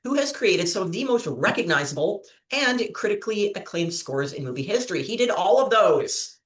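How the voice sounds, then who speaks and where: A woman's voice: mid-range voice, very animated, moderate pace. A woman hosting a trivia show, chatting casually and telling rambling stories with frequent laughter. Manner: rambling, giggly storyteller. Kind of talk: casual chat and storytelling. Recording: roomy echo.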